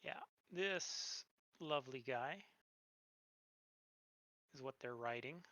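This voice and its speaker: A game master narrating a tabletop game with unhurried, descriptive scene-setting. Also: mid-range voice, pushed and bright, no echo, low-quality recording.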